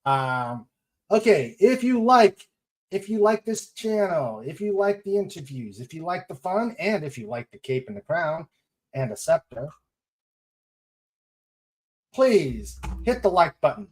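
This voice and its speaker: A man hosting a casual livestream, greeting the chat and reminding viewers to subscribe. He talks slowly and his intonation swings up and down. He comes across as relaxed and laughs easily. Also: high voice. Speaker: host.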